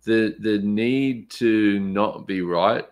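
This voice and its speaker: A man's voice: fairly low pitch, very slow. A man in a casual live conversation, talking in a reflective, easygoing way. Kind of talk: casual chat on a live stream.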